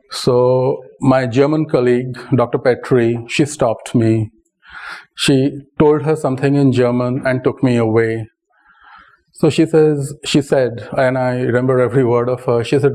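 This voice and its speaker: A man with an Indian English accent speaks to an audience in a mellow, relaxed tone. He lectures in a conversational way, tells stories to make his points and keeps asking "right?" along the way. His pitch sits in the middle range. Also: poor audio. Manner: conversational, often adds "right?". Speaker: speaker giving a talk. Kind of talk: public lecture with anecdotes.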